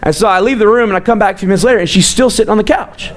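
A man's voice: sits high, racing. A middle-aged man, a pastor, telling a self-mocking story and acting out the quoted lines with lots of energy. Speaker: youth pastor. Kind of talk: storytelling talk.

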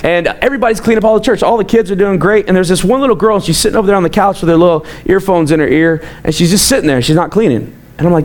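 A man's voice: sits high, very fast, hardly any pauses. A middle-aged man, a pastor, telling a self-mocking story and acting out the quoted lines with lots of energy. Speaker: youth pastor. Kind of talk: storytelling talk.

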